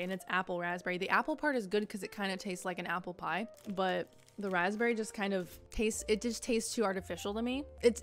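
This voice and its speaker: A young woman streamer chatting casually and joking as she taste-tests snacks, often giggling. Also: mid-range voice. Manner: bubbly, jokey, giggly. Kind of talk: casual taste-test chat.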